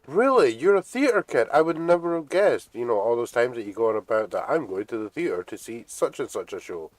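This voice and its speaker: A man's voice: medium pitch, sing-song, fairly quick, dry recording, low-quality recording. A man streaming a video game, teasing his friend and swearing at the game as he plays. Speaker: gaming streamer. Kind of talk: casual gaming commentary.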